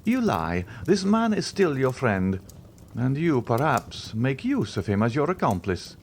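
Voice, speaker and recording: A man's voice: mid-range voice, very animated, measured pace, a little hiss or hum, pitched above the performer's own voice. A man voicing a stern, commanding older priest who interrogates with an imperious, accusing manner.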